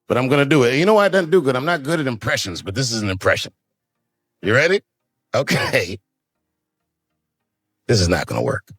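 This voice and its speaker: A man's voice: mid-range voice, big pitch swings, brisk, pauses often, a bit bright, slightly rough, dry recording, faint music behind. A man in his fifties doing a stand-up routine, rambling through self-deprecating asides with frequent restarts. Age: 50s. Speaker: stand-up comedian.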